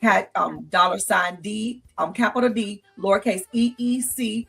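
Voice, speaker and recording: Gravelly-voiced talk show host woman. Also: medium pitch, measured pace, fairly bright tone, faint music behind. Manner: chatty, affirming, addresses viewers as y'all. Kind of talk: casual live-stream hosting.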